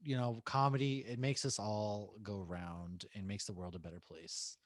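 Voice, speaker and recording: A man's voice: lowish voice, steady tone, moderate pace, dry recording, clean studio sound. A man hosting a podcast, telling stories and jokes in a loose chat, swearing freely. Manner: joking storyteller, swears freely. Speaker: podcast host.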